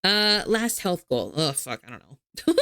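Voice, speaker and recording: A woman's voice: on the low side, big pitch swings, a little slow, a bit bright, no echo. Giggly, swearing woman streamer, dry close mic. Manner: chatty, laughs often, swears casually. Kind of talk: casual chat with viewers.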